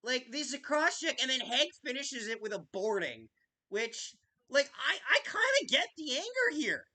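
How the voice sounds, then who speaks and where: High, bright-voiced excitable hockey commentator. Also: female voice, moderate pace. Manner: excitable, swears freely, shouts goal calls. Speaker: podcast host. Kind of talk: casual live game commentary.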